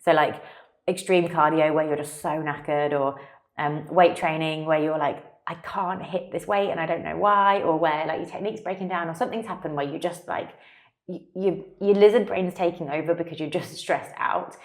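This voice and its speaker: A woman's voice: low-pitched, fairly even intonation, normal speed. A woman, co-hosting a casual chat, talking chattily, trailing off mid-sentence and laughing often. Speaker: podcast co-host.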